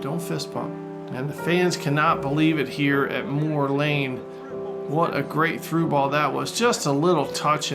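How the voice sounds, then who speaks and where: A fairly high-voiced man calls a video game football match like a mock broadcaster. He swings from calm play-by-play to excited shouting at shots and saves, tossing in jokes along the way. Faint game music plays underneath. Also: creaky. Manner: mock sportscaster, excitable, jokey. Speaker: gaming YouTuber. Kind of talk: let's-play commentary.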